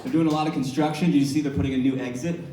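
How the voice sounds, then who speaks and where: A man's voice: fairly high pitch, fairly even intonation, very fast, heavy background noise. A male stand-up comedian telling profane, rambling stories at a bar. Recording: echoey bar from a distance. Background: laughing crowd.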